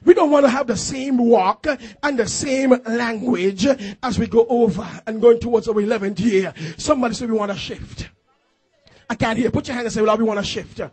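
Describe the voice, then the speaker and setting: Fervent high-voiced husky preacher man. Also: normal speed, darkish tone. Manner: fervent, repetitive, calls congregation to repeat phrases. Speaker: pastor. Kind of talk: call-and-response sermon. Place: church.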